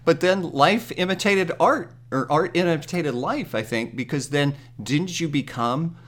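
A man's voice: on the high side, a little slow, fairly bright tone, slight background noise. A man hosting a radio show, joking and teasing his guest. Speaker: radio host. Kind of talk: casual radio chat.

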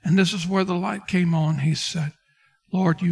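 Man pastor, high-pitched, preaching a sermon and acting out scripture scenes. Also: fairly even intonation, normal speed, creaky, husky. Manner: preaching with King James quotes and dramatic retellings.

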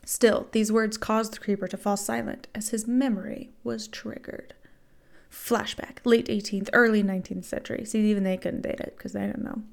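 A woman's voice: medium pitch, little pitch movement, moderate pace, creaky. A woman podcast host reading fan fiction aloud and breaking off with wry, sarcastic asides.

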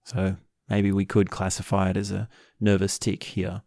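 A man hosting a self-help video walks through a practical tip in a playful, wandering monologue with occasional laughs. His low, darkish voice is monotone at a moderate pace, and the clean studio recording has no room sound.

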